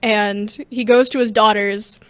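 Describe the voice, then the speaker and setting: A teenage girl, a student theater member, chatting as an interview guest in a rambling, slangy, animated way. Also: medium pitch, a little slow, smooth, no echo. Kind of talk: casual interview chat.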